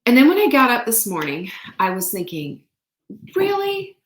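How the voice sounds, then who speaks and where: Lady host chatting and telling a story, acts out the voices, kinda echoey room, mid-pitched voice. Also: a little fast. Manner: animated storytelling with laughs and acted-out quotes. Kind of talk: casual motivational chat.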